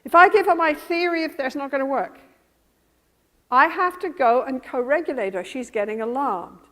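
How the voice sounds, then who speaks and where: A woman presenting to a workshop audience, speaking in an animated, emphatic way and acting out her examples. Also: high-pitched, normal speed. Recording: long reverb of a lecture hall.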